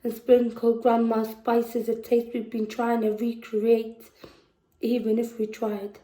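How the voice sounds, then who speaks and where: A woman with a Scouse accent performing spoken word poetry at a festival, slow and measured, dropping to a hush on heavy lines. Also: a little high, completely flat delivery, roomy sound, rough recording. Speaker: poet. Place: festival venue indoors.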